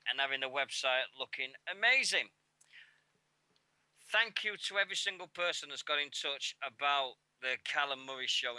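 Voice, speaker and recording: A man's voice: medium pitch, bright, forceful tone, clear, resonant tone, dry recording. A man with a Yorkshire accent co-hosting a radio show, talking in casual, rambling, jokey banter. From Yorkshire, England.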